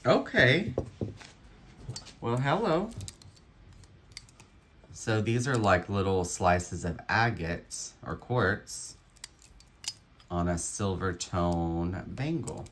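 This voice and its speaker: A man with a deep, low voice talks through an unboxing of jewelry he resells. He takes his time and lingers on each find, musing aloud in an admiring way. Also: takes it slowly, slight background noise. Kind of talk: unboxing commentary.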